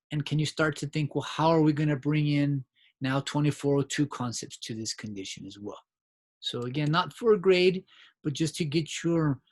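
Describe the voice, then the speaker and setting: A man teaching a biology review lecture in a conversational way, often checking in with his students and restarting his phrases. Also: fairly high pitch. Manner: conversational, frequent "right?" check-ins and restarts. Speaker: biology instructor. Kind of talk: recorded lecture.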